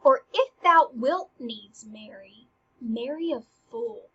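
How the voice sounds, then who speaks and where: A woman reading the lines of a bitter, scornful young prince, Hamlet, in a husky voice. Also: fairly high pitch, lively intonation, takes it slowly, a bit bright, dull audio, exaggerated voice.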